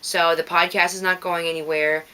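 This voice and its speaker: A woman's voice: lowish voice, little pitch movement, moderate pace, sharp tone, clean tone. Chatty woman with a Minnesota accent. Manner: chatty, rambling, thanks listeners by name. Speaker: knitting podcast host. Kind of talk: casual chat.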